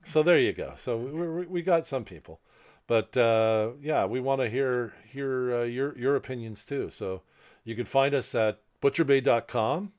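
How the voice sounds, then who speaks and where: A man's voice: medium pitch, moderate pace, darkish tone. A man co-hosting a podcast in casual chat, rambling and repeating words as he restarts, on a laptop mic. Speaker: podcast co-host.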